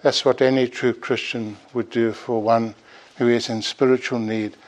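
A man's voice: mid-range voice, flat delivery, normal speed. A man preaching a sermon, earnestly urging his listeners and pleading with rising emphasis.

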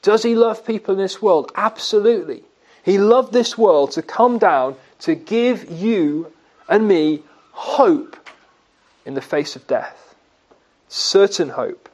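A man preaching a sermon, asking his listeners questions and answering them himself, and slowing down to stress key words. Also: sits high, expressive, a little mellow, dull audio. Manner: slow, emphatic delivery on key words.

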